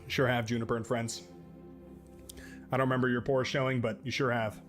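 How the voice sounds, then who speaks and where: A male streamer talks casually through a live match, picking apart his own play. His voice sits at an ordinary pitch, with faint music playing underneath. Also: flat delivery, fairly quick. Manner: self-critical, grumbling, chatty. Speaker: game streamer.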